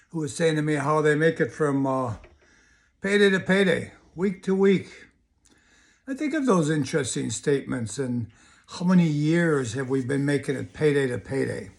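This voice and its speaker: Older male hypnotist, raised pitch, gravelly, folksy storyteller throwing rhetorical questions. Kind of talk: motivational video talk.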